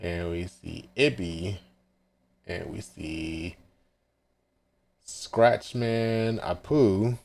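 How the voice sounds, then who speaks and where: Slow deep-voiced man recapping a manga. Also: fairly even intonation, creaky, a little mellow. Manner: hesitant, many ums and self-corrections. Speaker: manga reaction host. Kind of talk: casual live reaction recap.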